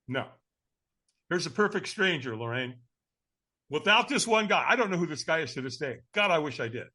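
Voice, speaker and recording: A male guest speaker tells a story with emphatic energy and frequent laughter. His voice is high and bright. The pitch leaps around constantly. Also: lively intonation, fairly quick. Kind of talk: animated storytelling.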